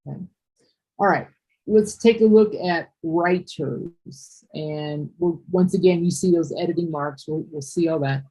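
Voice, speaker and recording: A woman's voice: deep voice, measured pace, warm tone, breathy edge, rough recording. A woman teaching English one-on-one, patiently correcting and explaining.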